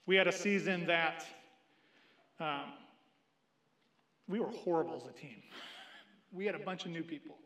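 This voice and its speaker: A young adult man preaching a sermon, telling a personal story in an earnest way and quoting others in lively asides. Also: fairly high pitch, normal speed, long pauses. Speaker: pastor. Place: church sanctuary. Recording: echoey church room.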